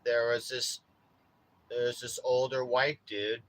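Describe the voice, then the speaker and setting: Profane, animated man telling a story. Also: mid-range voice, slow pace, low-quality recording. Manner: profane, animated street talk; acts out his own quoted lines louder. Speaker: vlogger. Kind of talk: casual storytelling to viewers. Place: RV neighborhood in Los Angeles.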